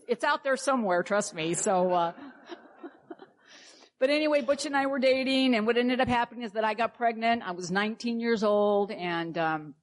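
A woman sharing a personal story at a recovery meeting, candid and wryly humorous. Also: fairly low pitch.

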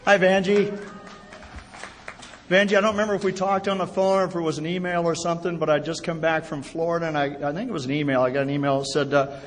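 A man's voice: fairly high pitch, flat delivery, fast talker, slight background noise. Chatty man telling jokes in an echoing hall. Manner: chatty, self-deprecating, joking storyteller. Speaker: speaker at a recovery meeting. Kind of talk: personal recovery talk to an audience. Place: meeting hall before an audience. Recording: live talk in a reverberant hall.

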